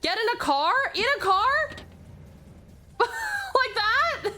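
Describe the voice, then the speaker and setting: A woman's voice: very high-pitched, very animated, slow pace, sharp tone, a little hiss or hum. A woman from Tasmania, streaming a game, gushing over her chat with pet names and swearing freely. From Tasmania, Australia. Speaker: VTuber streamer.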